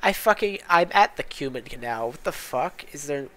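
A man's voice: a little high, lively intonation, moderate pace, bright, forceful tone. A man talking over his gameplay in a casual, exasperated way. He swears constantly and mutters complaints as things go wrong. His commentary is loose and unscripted. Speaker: gaming channel host.

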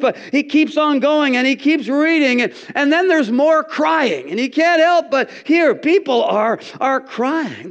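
High-voiced gravelly male pastor preaching. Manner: animated, folksy storytelling with repeated starts. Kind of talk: sermon. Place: church. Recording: dull lo-fi recording.

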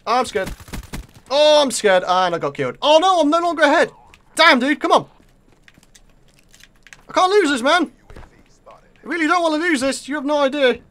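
A British man talks his viewers through a match as he plays, excitable and quick to taunt his opponents. His voice sits high and swings widely in pitch. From Britain. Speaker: gaming video creator. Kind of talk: live gameplay commentary.

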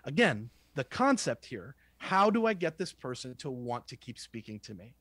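A man who works as a sales trainer, giving a lively, conversational lesson and acting out sample phone calls. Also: mid-range voice, moderate pace, no echo. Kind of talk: casual instructional talk with role-played calls.

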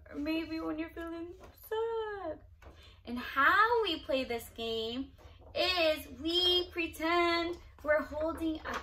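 A young woman leading a children's circle-time lesson, talking in a sing-song, encouraging way pitched to small children. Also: sharp tone. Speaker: early-years program leader.

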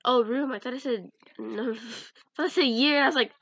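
A woman's voice: sits high, brisk, fairly bright tone, no echo. A young woman chatting casually in a vlog as she sorts through cards, giggling and mumbling names to herself. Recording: dull lo-fi sound.

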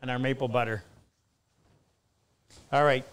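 A man's voice: mid-range voice, fairly even intonation, a little slow, fairly bright tone, clear, resonant tone. A middle-aged man hosting a live woodworking stream, chatting loosely with frequent restarts. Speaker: host.

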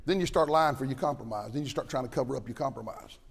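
An older man preaching a fiery sermon, folksy and impassioned, swinging from shouts to low asides. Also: fast, gravelly, breathy edge. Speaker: pastor. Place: large church auditorium at a conference. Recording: long reverb of a big hall.

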